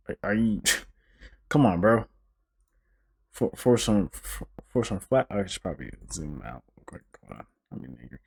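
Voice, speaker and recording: A young man hosts his own podcast, his voice low-pitched and a touch husky. He rants in an animated, joking way, swearing freely and stumbling through restarts. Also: normal speed, long pauses. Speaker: podcast host. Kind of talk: casual solo podcast rant.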